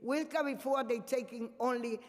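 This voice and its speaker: A man whose first language is Spanish, giving earnest, halting testimony at a public hearing and pleading with the committee. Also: very high voice. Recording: echoey council hearing room.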